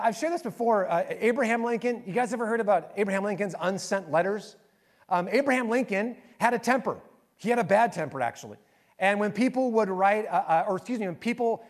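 In a high voice, a man preaches a sermon, narrating stories animatedly as he alternates between raised, spirited outbursts and soft, whispery passages.

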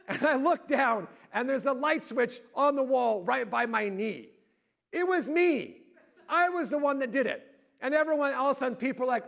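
A middle-aged man preaching a sermon, telling lively family stories and acting out the voices in them. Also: sits high, fast talker, creaky. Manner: animated storyteller, acting out family arguments loudly. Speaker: pastor.

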